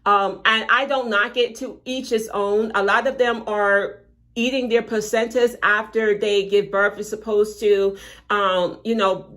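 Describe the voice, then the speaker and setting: A woman's voice: medium pitch, fairly bright tone. A woman hosting a casual live-stream recap of a reality show, chatty and self-correcting, with frequent fillers.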